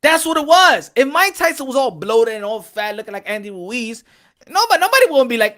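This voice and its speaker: A man from Texas hosting a casual boxing opinion vlog, talking in an animated, repetitive, profane way. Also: extremely high pitch, brisk. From Texas, USA. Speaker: boxing commentator and host.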